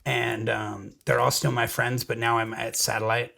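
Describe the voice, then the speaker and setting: A middle-aged man, a musician guest, telling stories in a casual interview, profane and energetic with frequent restarts. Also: mid-range voice, moderate pace, vocal fry.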